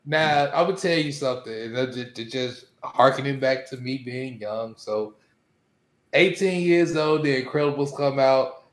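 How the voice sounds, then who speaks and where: A man's voice: medium pitch, moderate pace, echoey room. A man in his thirties, a podcast co-host, talking in a laid-back, rambling way in casual chat.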